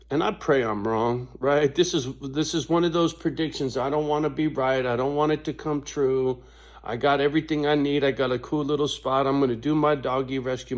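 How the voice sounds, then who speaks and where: A man ranting in a casual vlog monologue, swearing constantly and laughing between his points, with sudden high-pitched outbursts. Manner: slow, drawn-out delivery with big pitch swings. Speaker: vlogger.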